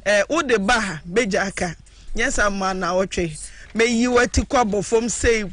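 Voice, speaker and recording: A man with a Ghanaian accent hosting a casual radio call-in chat, animated and laughing often. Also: sits high, moderate pace, slight background noise. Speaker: radio host.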